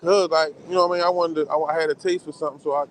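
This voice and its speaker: A man joining a casual livestream chat as a guest, telling an animated story and repeating the same filler question over and over. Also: fairly high pitch, rapid-fire, slight background noise.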